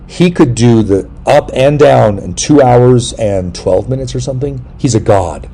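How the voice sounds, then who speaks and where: A middle-aged man hosting a casual interview chat, telling rambling, jokey stories and breaking into sudden loud yelps. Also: medium pitch, unhurried. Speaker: podcast host.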